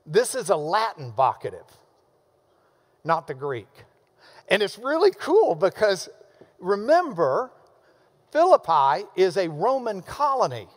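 A man's voice: high voice, big-room sound. A man preaching a sermon as pastor, enthusiastic and emphatic, with playful asides.

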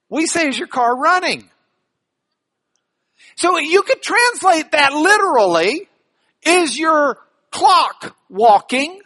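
A Bible class teacher lectures a roomful of students over a microphone, pitch swinging widely with animated emphasis. The voice is bright and sharp, and the pace is slow and deliberate as each idea gets spelled out with everyday examples. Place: classroom with audience.

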